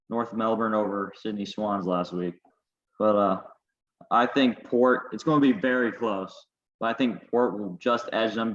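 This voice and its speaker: Low-voiced man on a lo-fi echoey podcast. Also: a bit bright. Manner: teasing, confident picks. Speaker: podcast co-host. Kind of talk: casual sports chat. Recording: echoey lo-fi home recording.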